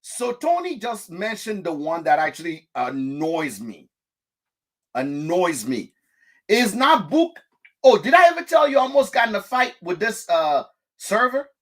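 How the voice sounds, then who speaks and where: Animated husky French-born man chatting. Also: sits high, measured pace. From France. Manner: animated, laughing storyteller correcting pronunciation. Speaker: podcast host. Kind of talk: casual chat.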